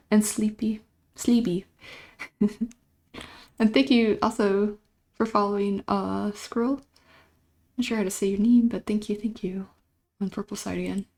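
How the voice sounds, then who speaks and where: Brief: woman art streamer, sore throat, giggly chat with viewers, mid-pitched, slips into whispers. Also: a little mellow. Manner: chatty, giggly, greets and thanks chat. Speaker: livestreaming artist.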